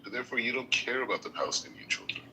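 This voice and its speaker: A man's voice: medium pitch, expressive, racing, pushed and bright, slight background noise, rough recording. A man who is a rabbi, arguing in a heated live debate on an audio chat app, interrupting and stammering through repeated words. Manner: argumentative, interrupting, stammering repetitions.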